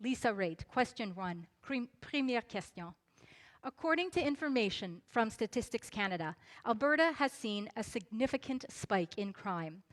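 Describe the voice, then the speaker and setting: A woman moderating a debate in a clear, measured, formal way, reading out the rules and questions. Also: on the high side, lively intonation.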